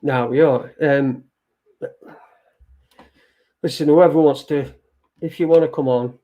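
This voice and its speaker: Male stream host, fairly high voice, unhurried, loose and sweary, keeps repeating himself. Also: steady tone, warm tone, lo-fi sound. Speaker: livestream show host. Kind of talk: casual live-stream chat, reading viewer comments.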